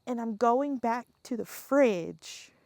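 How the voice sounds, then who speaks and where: A young woman with a fairly high voice tells a story at an unhurried pace, laughing between lines and acting out each scene. She swears freely. The sound is dry and close. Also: animated, vocal fry, a little mellow, no room sound. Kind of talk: casual storytelling chat.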